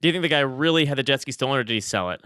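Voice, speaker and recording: A man co-hosting a podcast, dropping quick, dry remarks in casual chat. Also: mid-range voice, animated, sharp tone, clear, resonant tone, dry recording. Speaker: podcast co-host.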